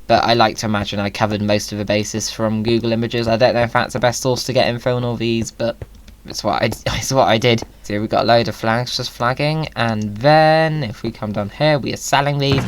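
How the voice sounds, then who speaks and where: A hoarse man, a cheerful, chatty host giving playful commentary over gameplay and cooing at in-game animals. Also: on the low side.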